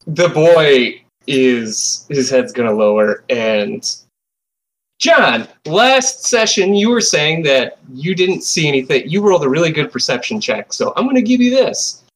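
Man, game master, casual tabletop narration, animated pitch. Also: a little slow, low-quality recording.

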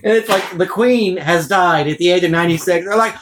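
A man's voice: high voice, brisk, slight background noise. A man co-hosting a casual podcast, blunt and swearing freely as he tells stories with energy. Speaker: podcast co-host. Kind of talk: casual chat.

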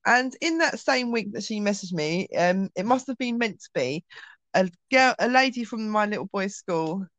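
A woman's voice: mid-range voice, expressive, moderate pace, a bit bright, no echo. Woman in her 30s, chatty, lots of ums, dry close sound. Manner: chatty, acts out dialogue, frequent ums. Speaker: guest. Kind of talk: personal storytelling.

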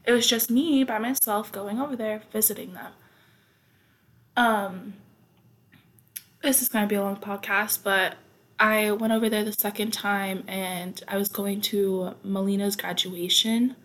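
A woman's voice: medium pitch, fairly even intonation, a little slow, fairly bright tone. A young American woman hosting her own podcast, telling stories in a chatty, rambling way with lots of fillers and asides. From United States. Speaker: podcast host. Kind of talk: casual storytelling.

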